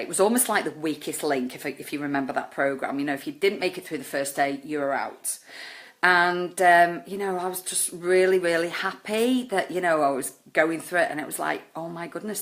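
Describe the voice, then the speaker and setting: A woman, earnestly telling a personal story with many fillers. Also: sits low. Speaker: life coach.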